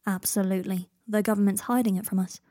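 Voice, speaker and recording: A woman voicing a wise old homeless man who speaks in a slow, laid-back drawl, in a storybook reading. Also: mid-range voice, steady tone, warm tone, dry recording, clean studio sound, natural voice.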